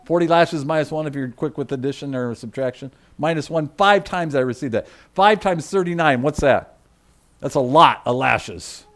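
A pastor with a slightly high voice preaches at a moderate pace. He builds emphatic, repeated lists, swinging between loud preaching and muttered asides to the congregation.

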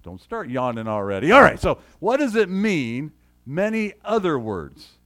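A man's voice: on the high side, a little slow. A middle-aged man preaching a sermon as a pastor, asking the congregation questions and reading scripture aloud with rising emphasis. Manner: animated preaching with call-and-response, reads scripture aloud.

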